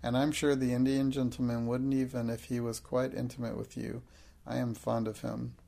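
Male reader doing a poised young girl, grand and polite, gravelly low voice. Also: flat delivery, normal speed, dark tone, lightly acted. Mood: fond. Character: proud, composed, imaginative young girl.

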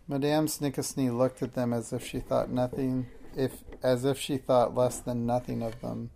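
A man narrating a children's storybook aloud in a measured, expressive way. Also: medium pitch, gravelly.

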